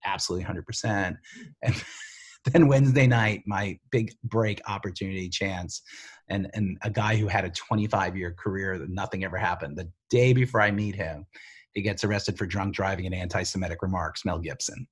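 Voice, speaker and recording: A man who writes for television, telling stories from his career in a rambling, animated way, full of "like" and "you know.". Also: sits low, a little fast, slightly rough. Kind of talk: casual storytelling interview.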